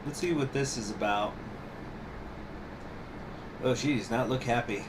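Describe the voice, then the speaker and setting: A man's voice: medium pitch, unhurried, noisy background. A man hosting a gaming channel, giving casual let's-play commentary and musing to himself with frequent hesitations.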